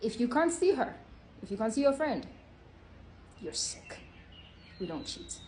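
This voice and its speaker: A woman's voice: on the high side, very animated, measured pace, noisy background. A woman vlogging to her phone, blunt and scolding, ending points with a tag question. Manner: blunt, scolding, repeats "okay?" often. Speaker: health vlogger. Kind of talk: casual direct-to-camera vlog.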